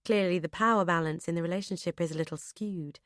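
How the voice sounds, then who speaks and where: A woman narrating a first-person audiobook in an expressive, brisk storytelling manner. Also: on the low side, no echo, clean studio sound.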